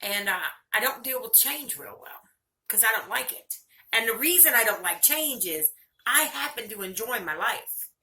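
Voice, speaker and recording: An older woman speaks straight to her viewers in a personal video, candid and earnest. Her voice is bright, and the talk feels close and confessional. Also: on the high side, expressive, moderate pace. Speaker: vlogger.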